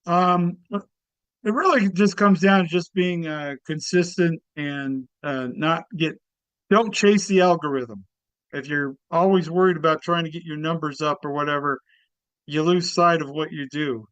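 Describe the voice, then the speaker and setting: A man, a comedian guest, chatting casually in an easygoing, halting way with plenty of pauses and fillers. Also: a little high, a bit bright, smooth, no room sound, poor audio. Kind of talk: casual interview chat.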